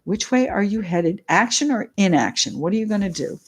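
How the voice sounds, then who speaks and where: A middle-aged woman giving a live tarot reading, excitable and chatty, talking straight to her viewers and greeting them by name. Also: mid-range voice, a little fast, husky. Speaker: tarot reader.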